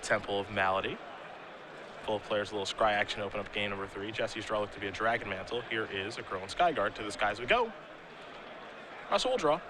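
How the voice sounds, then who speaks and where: A man's voice: lowish voice, expressive, a little fast, background noise. A man calling a card game tournament live as play-by-play commentator, with playful, teasing banter between plays.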